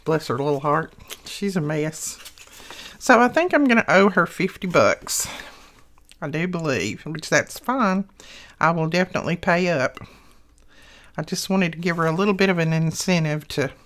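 Older woman, crafting host, casual homey chat, slightly low voice. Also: fairly bright tone. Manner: chatty, homey storytelling while crafting.

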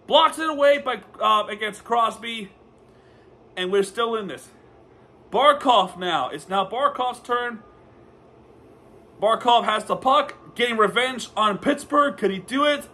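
A man recapping a hockey game as a fan, talking in a casual, excitable way and often stumbling and correcting himself. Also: high-pitched, slow pace, pauses often.

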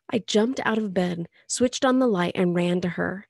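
Woman reading a novel aloud, gravelly texture, dry close sound, expressive storytelling. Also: mid-range voice, unhurried, hardly any pauses, dry recording. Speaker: audiobook reader.

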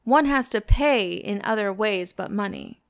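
A woman's voice: mid-range voice, animated, measured pace, gravelly, clear, resonant tone. A woman voicing an earnest, serious male painter with a grave manner in an audiobook.

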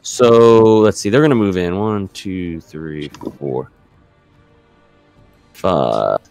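A man's voice: sits low, animated, slow, gravelly, darkish tone, dry recording, soft background music. A man narrating a tabletop game as game master, easygoing and thinking aloud with fillers.

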